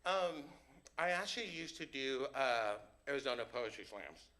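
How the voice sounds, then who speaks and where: A young man performs a comic true story for a live audience, jumping into the voices of the people in it. His voice is very bright and forceful. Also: medium pitch, normal speed. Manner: animated, comic, acts out dialogue.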